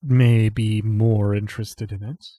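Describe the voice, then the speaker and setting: A man doing a composed noble envoy in a tabletop game, courteous but guarded. The low, mellow voice stays even and unhurried. It is recorded dry and close. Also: dry recording, natural voice. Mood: measured.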